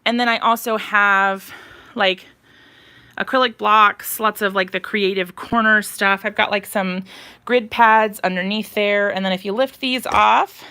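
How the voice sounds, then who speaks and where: A woman's voice: medium pitch, steady tone, unhurried, bright, forceful tone, smooth. A woman, chatting on a live stream as she tours her home craft room, slightly out of breath and rambling with fillers. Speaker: craft channel host.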